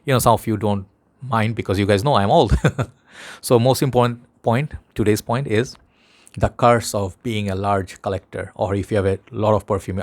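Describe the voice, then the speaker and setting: A man with a Bangladeshi accent talks to camera in a fairly low voice. He rambles earnestly, as if chatting with a brother. It is a casual one-on-one vlog monologue. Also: fairly even intonation, moderate pace, a little mellow. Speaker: fragrance vlogger.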